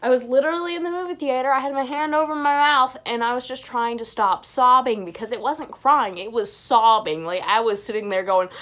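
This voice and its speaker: A woman's voice: fairly high pitch, fairly quick, few pauses, a bit bright. A young woman answering viewer questions in a casual chat, rambling and gushing, with frequent restarts. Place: home bedroom.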